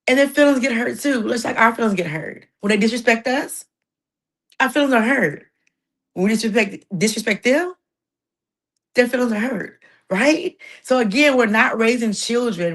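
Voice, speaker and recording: Earnest woman talking about parenting. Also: medium pitch. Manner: earnest, conversational, asks "right?" often. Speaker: workshop speaker on parenting communication. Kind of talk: informal talk to parents.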